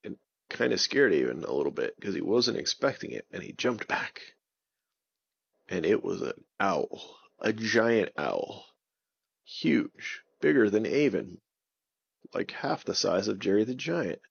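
A man narrating a bedtime story for children in a gentle, unhurried way. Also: fairly low pitch, sing-song, creaky, husky, muffled recording.

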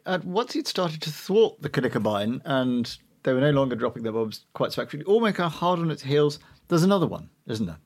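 A man's voice: on the high side, sing-song, brisk, hardly any pauses. A man hosting a book podcast, asking thoughtful, informal questions of his guest. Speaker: podcast host and interviewer. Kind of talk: conversational podcast interview.

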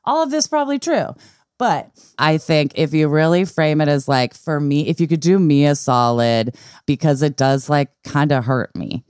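A woman's voice: low voice, steady tone, moderate pace, a little mellow, clear, resonant tone, no room sound, clean studio sound. A woman co-hosting an advice podcast, reading a listener letter and chatting frankly and casually. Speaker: podcast co-host.

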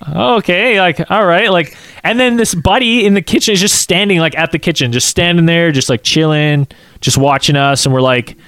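A man telling a casual anecdote, acting out quotes in an animated way and saying "like" a lot. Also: fairly high pitch, normal speed, clean tone, no echo.

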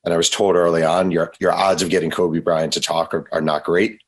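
Husky low-voiced man telling stories. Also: fairly quick. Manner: animated anecdotes, acts out quotes. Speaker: author guest. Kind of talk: storytelling interview.

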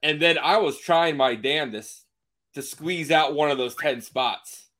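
A man co-hosting a show, chatting in a laid-back, halting way and often repeating himself. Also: fairly high pitch, fairly bright tone. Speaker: co-host. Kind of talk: casual chat on a stream.

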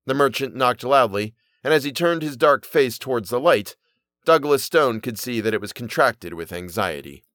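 A man's voice: mid-range voice, dry recording. Man narrating a Victorian story, dry. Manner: steady, measured narration. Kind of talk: reading a Victorian short story aloud.

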